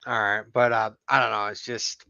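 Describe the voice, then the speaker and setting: Gravelly bright-voiced man in casual chat. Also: on the low side, level tone, moderate pace, dry recording, lo-fi sound. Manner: exasperated, blunt, swears freely. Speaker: podcast co-host.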